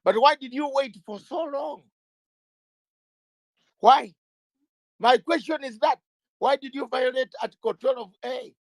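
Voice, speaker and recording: A man's voice: extremely high pitch, a little slow, long pauses, no echo. A middle-aged man, a lawyer being interviewed, speaking in an impassioned way, firing rhetorical questions and repeating phrases for emphasis.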